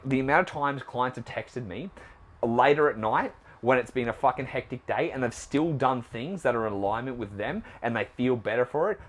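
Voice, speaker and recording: A young man hosts a fitness podcast at a medium pitch. He talks bluntly and swears freely. He keeps firing rhetorical questions at his listeners. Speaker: podcast host and trainer. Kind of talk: casual motivational monologue.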